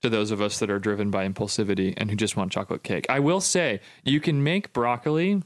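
A man's voice: fairly low pitch, fast. Playful man hosting a podcast. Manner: playful, laughs often, teasing questions. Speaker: podcast host. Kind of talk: casual interview.

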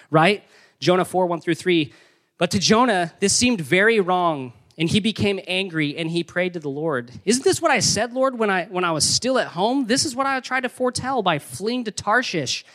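A young man preaching a sermon in an energetic, conversational way with playful emphasis. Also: a little high. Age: young adult. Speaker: pastor.

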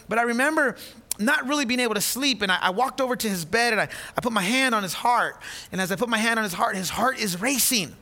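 A man in his thirties, a pastor preaching a sermon and telling a story with lively, animated delivery, often repeating words as he restarts. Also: very high-pitched, quick pace.

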